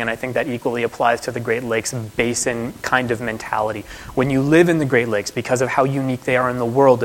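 A man's voice: medium pitch, slight background noise, poor audio. A man from Toronto, an author giving a conversational presentation with slides, full of asides and fillers. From Toronto, Canada.

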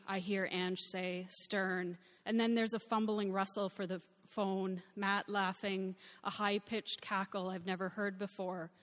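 A woman narrates a first-person novel in a reflective, measured voice. Her pitch sits in an ordinary middle range for a woman. The recording carries a long reverb. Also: little pitch movement, fairly bright tone.

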